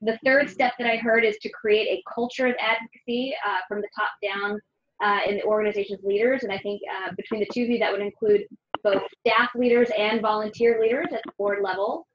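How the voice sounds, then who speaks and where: A woman's voice: mid-range voice, fairly even intonation, a little fast. A woman moderating a webinar, summarizing points in a hesitant way with many fillers. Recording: dull lo-fi audio with faint noise.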